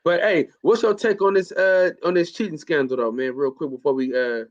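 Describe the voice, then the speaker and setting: A man's voice: a little high, fairly even intonation, a little fast, a crowd in the background. Loose-talking man, muffled stream audio. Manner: loose, profane, repetitive. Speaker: host. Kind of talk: casual live-stream chat.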